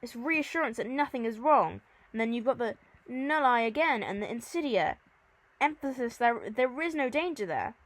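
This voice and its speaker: Woman slowly explaining Latin verse. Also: a little high, expressive. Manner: reads Latin slowly, then explains in plain chatty terms. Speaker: Latin teacher. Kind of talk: recorded translation lesson.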